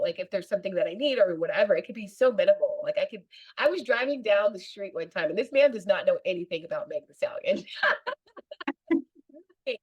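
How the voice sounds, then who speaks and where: A woman's voice: medium pitch, dull audio. A woman guesting on a podcast, telling stories in a chatty, casual way and laughing often. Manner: chatty storytelling with frequent laughter. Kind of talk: casual interview chat.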